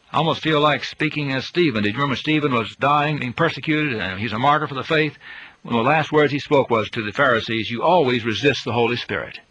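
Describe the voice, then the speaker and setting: A man's voice: medium pitch, pushed and bright, breathy edge, no echo, dull audio. A man giving a Bible teaching, emphatic, his voice rising on rhetorical questions.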